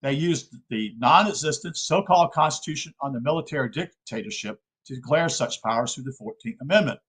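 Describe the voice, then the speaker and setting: Man, fairly high voice, earnest informal lecture, addresses folks, keeps checking okay. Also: breathy edge, rough recording. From South Carolina.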